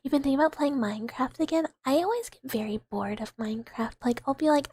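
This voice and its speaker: A young woman streaming, softly whispering and giggling through her chat in a whispered role-play as a mouse character. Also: high voice, fast talker, slight background noise. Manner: soft whispery chatter with frequent giggles. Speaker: VTuber streamer. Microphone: close ASMR microphone.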